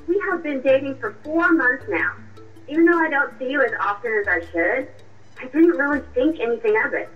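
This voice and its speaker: A woman voicing a sharp, confrontational young girlfriend in a radio drama, with a cutting, accusing way of talking. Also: high voice. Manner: cutting, accusing, coolly triumphant. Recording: muffled distant voice with music.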